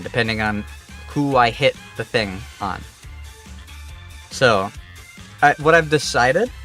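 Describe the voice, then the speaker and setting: Male streamer, mid-pitched, casual rambling chat laced with swearing, faint music underneath. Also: fairly bright tone. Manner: rambling, profane and offhand.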